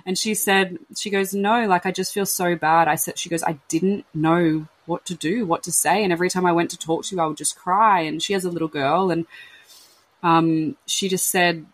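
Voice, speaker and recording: A husky-voiced woman talks openly and emotionally, her sentences trailing off and restarting as she acts out her friends' words. Her speech is slightly breathy. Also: on the low side, fairly even intonation, moderate pace, poor audio. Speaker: podcast host sharing her baby loss. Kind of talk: candid casual chat.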